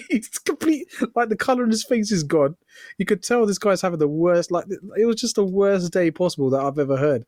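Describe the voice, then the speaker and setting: A man's voice: high-pitched, lively intonation, fairly quick, darkish tone, dry recording, clean studio sound. A man, co-hosting a podcast and telling a work story in casual chat, acting out the quoted lines with laughter. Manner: storytelling, acts out quoted dialogue with swearing and laughter. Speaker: podcast co-host.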